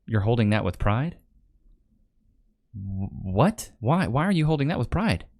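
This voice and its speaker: A man's voice: mid-range voice, sing-song, unhurried, a little mellow. Sarcastic male reaction host. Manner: sarcastic, mocking. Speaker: commentary video host. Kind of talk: reaction commentary.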